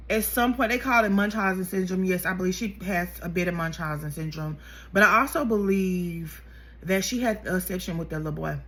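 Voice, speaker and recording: A woman giving a sassy, animated commentary on a documentary in casual speech. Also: medium pitch. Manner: animated, sassy, frequent outbursts. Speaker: YouTube commentator.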